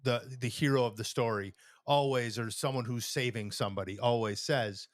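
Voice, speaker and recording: A man co-hosting a podcast talks through his reasoning in casual chat, circling back and restarting his phrases. His voice has a medium male pitch and sounds dry and close to the mic. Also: normal speed, no room sound. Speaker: podcast co-host.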